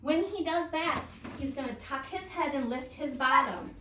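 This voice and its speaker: A woman's voice: high voice, lively intonation, normal speed, noisy background. A young woman coaching a beginner kids' gymnastics class, talking patiently and checking in with "okay?" after each step. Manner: patient, ends phrases with "okay?". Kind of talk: instructional demonstration for kids. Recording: echoey gym from far off.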